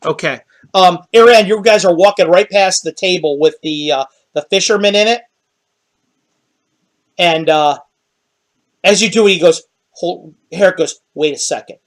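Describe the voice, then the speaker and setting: A man running a tabletop game as game master, narrating scenes in a halting, descriptive way. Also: high-pitched. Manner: descriptive, halting, with restarts and quick laughs.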